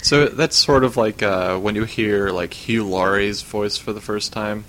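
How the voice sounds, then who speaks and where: A man's voice: lowish voice, measured pace, fairly bright tone, a little hiss or hum. A man co-hosting a podcast, telling stories in an easygoing way with fillers. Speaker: podcast co-host. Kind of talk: casual chat.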